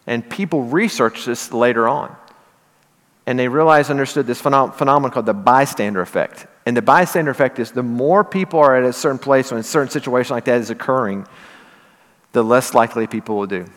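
A man's voice: medium pitch, brisk, a bit bright, in a large hall. A middle-aged man with a Western Kentucky accent, preaching a sermon in an earnest, conversational way that rises to emphatic peaks. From Southern Illinois. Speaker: pastor.

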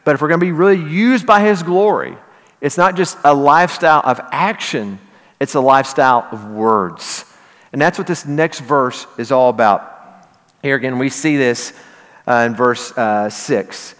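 Earnest Western Kentucky preacher in a hall. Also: male voice, mid-range voice, a little slow. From Southern Illinois. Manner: earnest, conversational, builds to emphatic peaks. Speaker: pastor. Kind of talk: sermon.

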